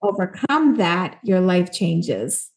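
A woman from Puerto Rico, an author and interview guest, speaks slowly in a lowish voice with big swings in pitch. Her manner in the casual interview is earnest and emphatic, and she acts out the voices she quotes.

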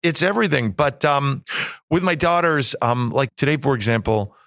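A man's voice: mid-range voice, normal speed, fairly bright tone, dry recording. A man in his forties talks casually as a podcast guest, rambling through stories and restarting sentences. He jokes at his own expense. The recording is close and dry with no room sound. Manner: rambling, self-mocking, many fillers and restarts. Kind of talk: casual chat.

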